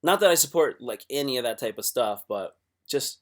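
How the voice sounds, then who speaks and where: A man's voice: medium pitch, lively intonation, normal speed. A man talking casually to his livestream chat, rambling and swearing, with many restarts.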